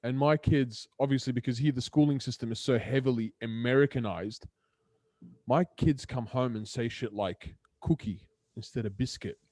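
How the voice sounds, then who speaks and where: A man's voice: medium pitch, normal speed, mellow, no room sound. A man hosts a casual podcast and asks long, rambling questions between frequent laughs. His voice sits in the middle of the range and is recorded with a dry, close sound. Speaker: podcast host. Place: lives in Dubai.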